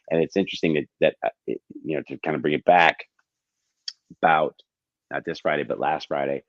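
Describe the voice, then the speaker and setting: A man speaking as a guest on a casual podcast, telling candid, profane stories in an animated way. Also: rumbling low, a little fast, no echo, highs cut off.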